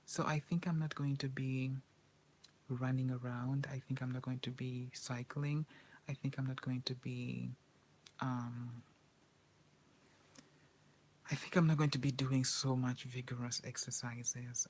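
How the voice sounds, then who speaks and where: A woman's voice: a bass voice, level tone, moderate pace, a little mellow, a little hiss or hum, rough recording. A woman vlogger in a whispered personal monologue, talking in a rambling, repetitive and anxious way.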